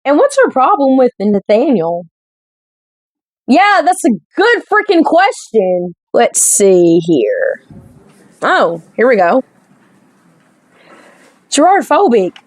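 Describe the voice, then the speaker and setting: A young woman with a high, bouncy voice reads game dialogue aloud and snarks at it between lines. She talks slowly and trips over her words now and then. The sound is close and dry. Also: very animated, no echo, low-quality recording. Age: young adult. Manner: sassy, joking, stumbles over words. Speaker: gaming content creator. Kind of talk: reading a dating sim aloud with casual commentary.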